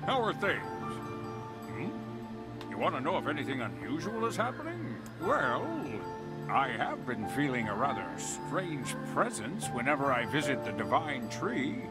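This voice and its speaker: Casting: bouncy nervous villager, voice leaping up and down, loud game score behind. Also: male voice, medium pitch, huge pitch swings, a little slow, rough recording. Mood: hesitant chirpy. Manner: bouncy, hesitant, evasive. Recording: played from game, loud music.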